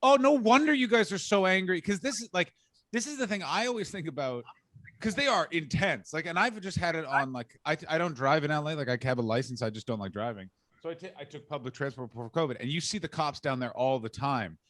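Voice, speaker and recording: A man as a comedian guest on a podcast, telling stories in an animated, jokey way. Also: on the high side, quick pace, no room sound. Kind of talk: casual podcast chat.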